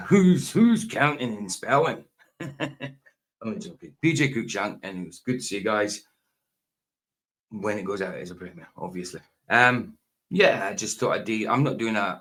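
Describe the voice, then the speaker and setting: A man's voice: low-pitched, pushed and bright. A man in his forties, hosting a casual late-night reaction video in a rambling, self-correcting, chatty way. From Scotland. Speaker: YouTube reaction host.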